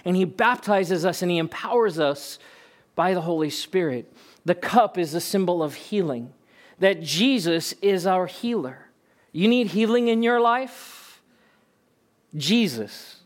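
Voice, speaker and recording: A man's voice: high voice, expressive, measured pace. A male pastor preaching a sermon in an emphatic, conversational way, asking rhetorical questions.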